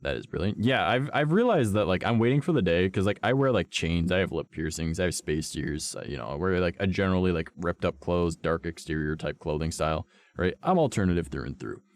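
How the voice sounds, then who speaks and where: A man's voice: sits low, animated, fairly quick. A young adult man streaming, telling a story in casual chat, blunt and profane.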